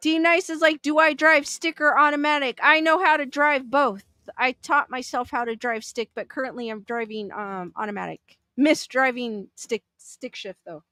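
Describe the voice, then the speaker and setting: A woman's voice: sits high, normal speed, hardly any pauses, pushed and bright, no room sound, studio quality, faint music behind. A woman hosting a livestream, answering viewer chat questions casually, chatty and thinking aloud with fillers and laughs. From Southern California. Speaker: livestream host reading chat.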